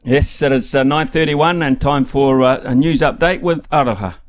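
A man hosting sports talkback radio, chatty and casual with many pauses. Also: medium pitch, music in the background.

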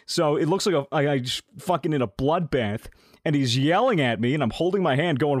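A man on a podcast, telling a story with lively energy and plenty of swearing. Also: on the high side, brisk, no echo, studio quality. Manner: animated storytelling, swears a lot. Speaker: podcast host. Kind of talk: casual podcast chat.

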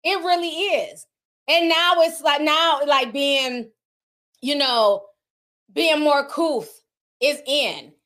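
A woman's voice: sits high, slow, long pauses, a bit bright. A woman commentator in casual chat, talking bluntly and with animation, swearing freely.

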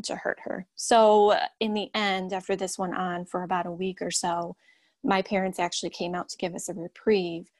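A young woman, a mother, telling her own story in a halting, candid way with many pauses. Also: mid-range voice, dry recording. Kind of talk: personal testimony.

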